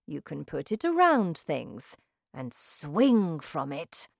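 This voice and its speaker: A woman voicing a kind, protective elderly grandmother, speaking slowly and gently. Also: low-pitched, wildly swooping pitch, gravelly, no room sound, studio quality, full character voice. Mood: gentle.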